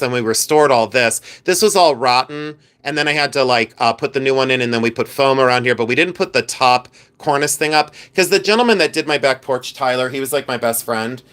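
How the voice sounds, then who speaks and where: A man vlogging in a chatty, campy way, with animated asides. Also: mid-range voice, fairly quick, hardly any pauses, clean tone. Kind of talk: casual chat.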